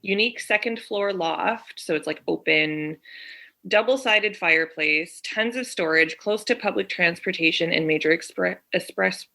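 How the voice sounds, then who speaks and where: A woman's voice: medium pitch, sharp tone. A woman co-hosting a podcast, retelling a phone call in casual chat and acting out both sides of it. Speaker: podcast co-host.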